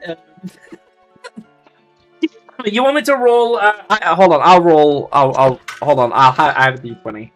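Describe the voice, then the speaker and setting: A man's voice: fairly high pitch, measured pace, pauses often, fairly bright tone, faint music behind. A young man narrating as dungeon master, often stumbling over his words and correcting himself. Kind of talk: narrating a tabletop game.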